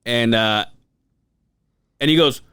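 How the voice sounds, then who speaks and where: A man's voice: mid-range voice, slow pace, clear, resonant tone, dry recording, clean studio sound. A man telling stories in casual podcast chat, swearing and laughing often. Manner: animated storyteller, swears and laughs a lot. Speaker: podcast co-host.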